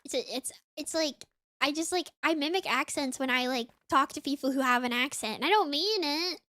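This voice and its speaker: A woman's voice: high-pitched, fairly quick, bright, forceful tone, no room sound. Young woman streamer, light Southern accent, congested, chatty, dry close sound. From US South (Florida, Mississippi). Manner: chatty, rambling, lots of "like". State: sniffly, congested. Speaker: VTuber streamer. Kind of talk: casual gaming stream chat.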